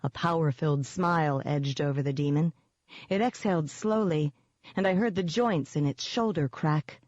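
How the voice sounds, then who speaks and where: An audiobook narrator reading a first-person novel in a steady, even storytelling manner. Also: mid-range voice, moderate pace, dry recording, dull audio.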